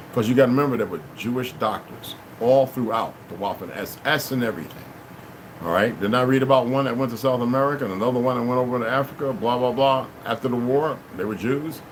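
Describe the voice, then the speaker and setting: On a rough recording with a faint hum underneath, a man of middle pitch hosts his channel by reading a text aloud. He frequently stops to speak straight to listeners, and difficult words make him stumble and begin again.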